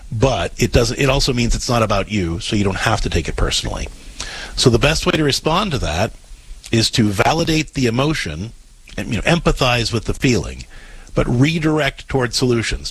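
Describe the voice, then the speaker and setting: A man's voice: mid-range voice, fairly bright tone, slightly rough, low-quality recording. A man hosting a call-in advice show, coaching a caller in a direct, explaining way with frequent restarts. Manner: coaching, direct, repeats himself while explaining. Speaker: radio advice host.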